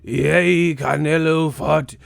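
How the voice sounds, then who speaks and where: A man voicing a pompous old-timey male narrator who speaks in archaic English, in a slow, grand declamation. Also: fairly high pitch, steady tone, gravelly, dry recording, clean studio sound, voice pushed up, full character voice. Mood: pompous, mocking.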